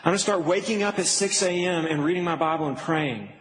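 A man's voice: fairly high pitch, fast talker, fairly bright tone. A man preaching a sermon as pastor, earnest and building to emphatic peaks. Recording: reverberant hall with faint noise.

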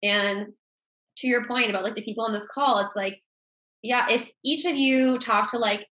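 A woman's voice: a little high, moderate pace, a bit bright. A woman co-hosting a group call, talking in a casual, heartfelt and emotional way.

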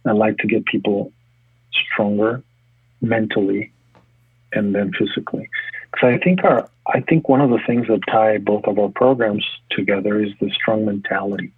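A fitness coach and gym owner speaks casually and with lots of energy in an interview, often restarting his sentences in quick bursts. His voice is on the low side with a breathy edge and no echo, though the line sounds tinny, like a phone.

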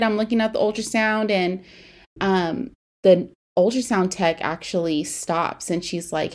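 Young woman podcaster, kinda low voice, chatty and open, gets hushed on the sad parts. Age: 20s. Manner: candid, conversational, grows quiet and somber when recalling loss. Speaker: podcast host. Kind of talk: personal storytelling.

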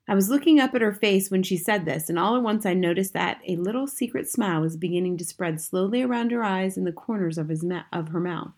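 A woman's voice: fairly low pitch, a little fast. Woman reading a children's book aloud. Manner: clear, steady storytelling. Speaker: audiobook reader.

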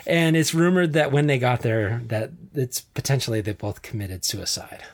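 A man hosting a podcast, casually retelling Bible history, animated and quick to laugh as he tells the story. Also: mid-range voice. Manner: animated storyteller, laughs often, acts out quotes. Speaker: podcast host.

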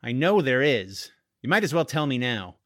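A man's voice: mid-range voice, big pitch swings, moderate pace, a bit bright, no echo. A man reading an audiobook, voicing a stern, demanding father close to his own voice. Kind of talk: audiobook character voice.

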